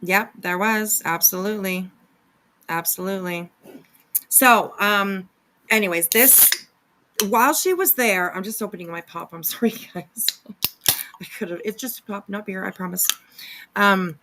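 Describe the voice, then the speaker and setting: A woman talks her viewers through a clip in a loose, chatty way, tossing in sarcastic jabs. Her pitch sits in an ordinary middle range for a woman. She fills gaps with ums and quick asides as she goes. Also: noisy background. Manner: sarcastic, chatty, many fillers. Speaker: commentary channel host. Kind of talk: casual reaction commentary.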